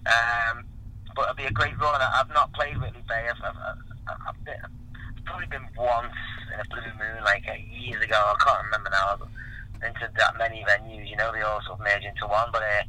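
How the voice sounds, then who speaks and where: A man as a radio guest, telling stories in a relaxed way and often repeating words. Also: fairly low pitch, brisk, slight background noise, poor audio. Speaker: guest performer. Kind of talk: casual chat.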